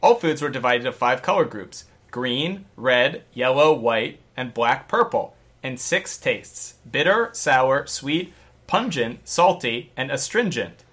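A man hosting a casual podcast, briskly reading a listener's note aloud in a playful way. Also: medium pitch, expressive, fairly bright tone, breathy edge. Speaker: podcast host.

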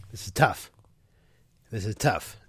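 A man's voice: fairly low pitch, a bit bright, slightly rough, no room sound. A man co-hosting a podcast, playful and wry in casual chat. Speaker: podcast co-host.

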